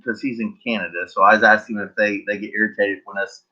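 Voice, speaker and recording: A man's voice: lowish voice, little pitch movement, fast talker, husky. A man hosting a casual live stream chat, blunt and rambling, with frequent chuckles. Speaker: livestream host. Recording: dull lo-fi stream audio.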